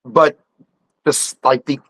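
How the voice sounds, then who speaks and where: A man's voice: medium pitch, steady tone, slow pace, fairly bright tone, no echo, rough recording. A man in his fifties with a New York accent, a guest telling a personal story in casual conversation and acting out the voices he quotes. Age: 50s.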